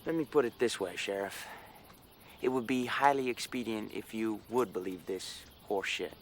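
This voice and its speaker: An actor playing a smug, scheming man who talks down to a sheriff in a film, with a low, measured delivery. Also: slight background noise, lightly acted. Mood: smug, coaxing. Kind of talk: film dialogue.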